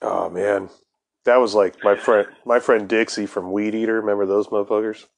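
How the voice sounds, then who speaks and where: A man's voice: lowish voice, fairly even intonation, normal speed, vocal fry. A man hosting a casual chat, laid-back and laughing often, with plenty of swearing.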